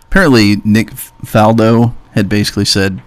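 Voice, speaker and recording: A man's voice: lowish voice, fairly even intonation, normal speed, no room sound. A man hosting a sports radio show, reading trivia lists and teasing his co-host in casual chat.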